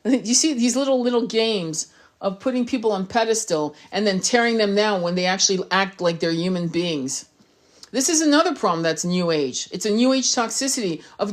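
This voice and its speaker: A woman's voice: mid-range voice, animated, normal speed. A woman tarot reader speaking off the cuff to camera, blunt and emphatic, swearing often and restarting her sentences. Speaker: tarot reader and spiritual commentator. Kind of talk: unscripted rant to camera.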